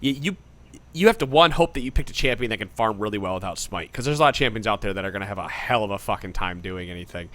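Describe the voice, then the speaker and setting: Bright-voiced joking podcast host, a man. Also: on the low side, lively intonation, quick pace. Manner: joking, casually profane. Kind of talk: casual podcast chat.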